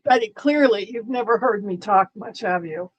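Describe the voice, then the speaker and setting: A woman's voice: medium pitch, normal speed, lo-fi sound, slight background noise. A woman hosting a live stream in casual chat with her viewers. She talks in a rambling, playful way, with lots of fillers and restarts, and teases the people in the chat. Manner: chatty, playful, teasing chat commenters. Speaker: livestream host.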